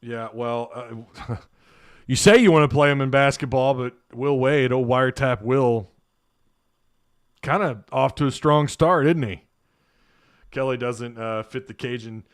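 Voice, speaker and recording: A man's voice: medium pitch, unhurried, long pauses, clean tone, no echo, clean studio sound. A man hosting a casual sports live stream, reading out viewer comments, joking and laughing as he talks. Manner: laughing, joking, thinking aloud.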